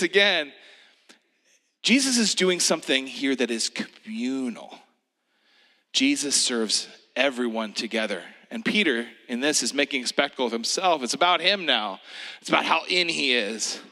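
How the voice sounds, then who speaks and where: A man preaching a reflective sermon like a guided meditation, speaking gently and hushed, sometimes dropping to a whisper. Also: mid-range voice, expressive, unhurried, long reverb tail.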